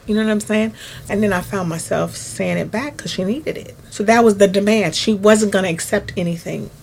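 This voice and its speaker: A woman's voice: medium pitch, fairly even intonation, brisk, gravelly, a little mellow, a little hiss or hum. A woman support worker in an interview, speaking candidly and reflectively in a conversational way.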